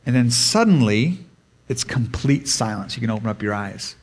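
A man's voice: medium pitch, expressive. A man preaching a sermon to a congregation in a conversational way, asking them questions and changing his pace for emphasis. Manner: conversational, asks the audience questions; varied pace, speeds up and slows for emphasis. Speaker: pastor.

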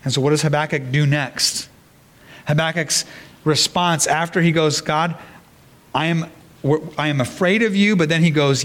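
A man's voice: a little high, normal speed, a bit bright. A man preaching an earnest sermon as pastor, often restarting words as he explains a scripture passage.

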